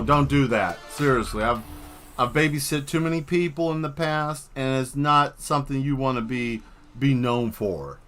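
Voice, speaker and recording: A man's voice: medium pitch, pushed and bright. A man livestreaming while he draws, rambling through a joking rant and laughing at his own jokes. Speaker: livestreaming artist.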